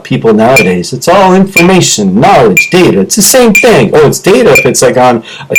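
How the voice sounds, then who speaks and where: A middle-aged man speaks straight to camera, his pitch swinging widely as he rambles from one point to the next. He sounds impassioned, as if he were giving a heartfelt lecture. Clicks and clinking sounds run under the noisy recording. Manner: impassioned, rambling, jumps between topics. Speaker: self-improvement video host. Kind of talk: animated solo monologue to camera.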